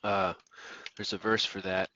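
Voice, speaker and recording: A man's voice: low voice, flat delivery, measured pace, sharp tone, highs cut off. A man preaching on the radio, emphatic and repeating phrases for stress. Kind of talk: preaching monologue.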